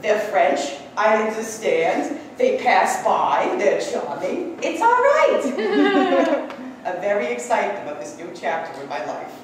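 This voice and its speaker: In a live one-woman stage comedy, a woman plays a giddy, gushing older retired accountant, laughing often and slipping into conspiratorial asides. Her mid-range voice swoops wildly in pitch at a slow pace, picked up by a distant mic in an echoey theater with slight background noise.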